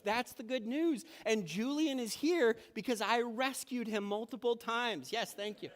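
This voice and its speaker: A man's voice: high voice, in a large hall. A man preaching a sermon in a church, telling stories and acting out the voices he quotes. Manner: lively storytelling, acts out quoted voices. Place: church sanctuary.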